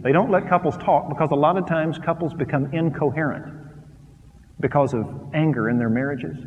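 A middle-aged male pastor preaching a sermon, swinging from loud emphatic lines to quiet, hushed storytelling. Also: mid-range voice, dull audio. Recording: long reverb of a large hall.

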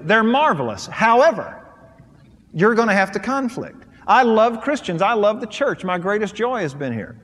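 A middle-aged man preaching from the pulpit with a high voice. He tells stories and hammers his points home in short, repeated phrases. The sound rings out with the long reverb of a large church hall. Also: fairly bright tone. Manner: storytelling, emphatic preaching with punchy repeated phrases. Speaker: pastor. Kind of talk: sermon.

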